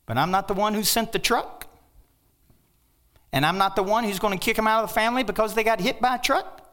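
An older man preaching a sermon as pastor, emphatic, with sudden loud outbursts and joking asides. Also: high-pitched, a little fast.

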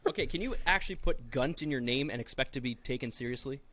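A man's voice: mid-range voice, fast talker, bright, forceful tone. A man co-hosting a casual podcast who chips in with jokey remarks. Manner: jokey interjections. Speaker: podcast co-host. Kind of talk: casual chat.

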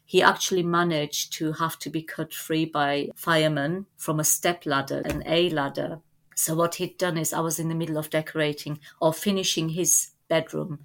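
A middle-aged woman telling family stories as a podcast guest, in a lively anecdotal way. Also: deep voice, normal speed. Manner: lively anecdotal storytelling with laughs. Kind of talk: storytelling in a podcast interview.

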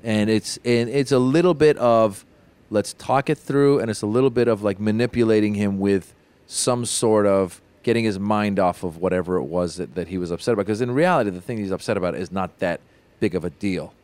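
Brief: male podcast co-host, smooth clear voice, dry close sound, animated storyteller acting out dialogue. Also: lowish voice, brisk, dry recording. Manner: animated storytelling, acts out dialogue, many "like" fillers. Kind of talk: casual comedic chat.

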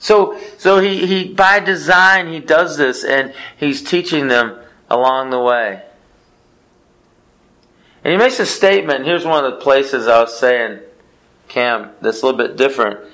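A man's voice: mid-range voice, measured pace, fairly bright tone, poor audio. A man leading an informal Bible study, teaching in an emphatic way, repeating phrases and answering his own questions.

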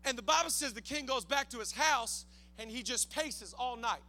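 High, bright-voiced male preacher. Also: normal speed. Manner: energetic preaching that swings from quiet asides to shouted climaxes; acts out biblical characters in casual slang voices. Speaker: pastor. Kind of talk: sermon. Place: church sanctuary.

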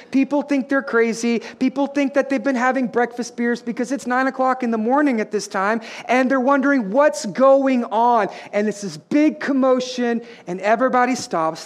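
A man with a high voice preaches a Pentecostal sermon. He trades jokes with the congregation, then climbs into loud, yelling proclamation. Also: moderate pace. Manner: dynamic preaching, builds from conversational asides to shouting; jokey, playful with the congregation. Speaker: pastor.

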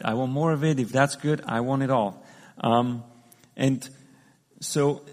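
A preacher delivers a conversational sermon in a medium-pitched, slightly mellow voice, working through the scripture with frequent restarts and fillers. The recording carries a long hall reverb.

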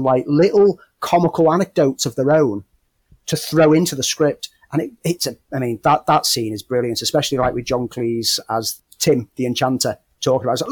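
A man's voice: fairly high pitch, no room sound. A man co-hosting a film podcast, telling anecdotes in an amused way and often breaking into chuckles. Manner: amused, chuckling, trailing off into laughter. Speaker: podcast co-host. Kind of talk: casual film chat.

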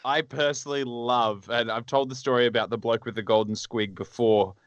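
Man co-host, from Australia, casual chat, rambling and profane, medium pitch, dry close mic. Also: steady tone, brisk, no echo, muffled recording. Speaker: podcast co-host.

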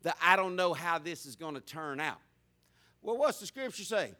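A man's voice: on the high side, lively intonation, moderate pace, pushed and bright. A man preaching a folksy, humorous sermon, stumbling through many stammered restarts.

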